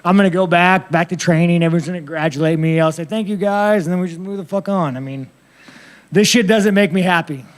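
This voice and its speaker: Foul-mouthed fighter guy at a press conference, kinda high voice, rambly, keeps laughing at himself. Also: fast talker. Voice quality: blunt, swears constantly, laughs at himself.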